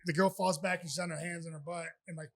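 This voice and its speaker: A man in his thirties chats as a podcast guest, racing through rambling anecdotes crowded with fillers. His voice sits a bit high for a man and sounds dry and close, with no room around it. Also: flat delivery, quick pace, vocal fry, no room sound. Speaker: podcast guest, pro fighter. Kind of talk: casual storytelling chat.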